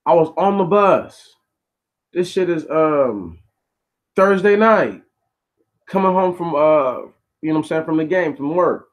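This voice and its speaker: A man's voice: a little high, lively intonation, unhurried, long pauses. A man telling a story from his own life in a blunt, profane, casual monologue full of slang.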